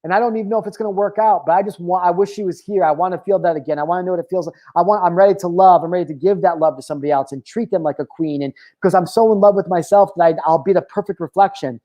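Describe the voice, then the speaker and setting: On his own show, a host in his thirties gives a casual motivational talk in a high, mellow voice that races along with hardly any pauses. The recording is muffled, and he speaks openly and with plenty of swearing about how he feels, using filler words and going off on tangents.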